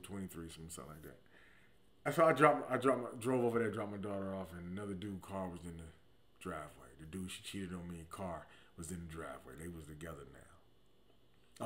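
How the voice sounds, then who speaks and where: A man hosting a podcast and telling a personal story in a casual, comic way. He swings from low, mumbled asides to loud outbursts. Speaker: podcast host.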